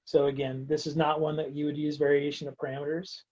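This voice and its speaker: A man's voice: a little high, little pitch movement, fast talker, darkish tone, lo-fi sound. A man teaching a recorded math lecture, working through steps aloud in a casual, wry way. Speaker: math instructor.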